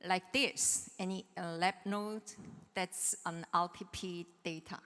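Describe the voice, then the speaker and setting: Slow, clear-voiced woman lecturing in a hall. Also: lowish voice, steady tone, bright, forceful tone. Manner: patient, checks understanding with "right?". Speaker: seminar presenter on patent law. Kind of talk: explanatory technical lecture. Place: seminar hall.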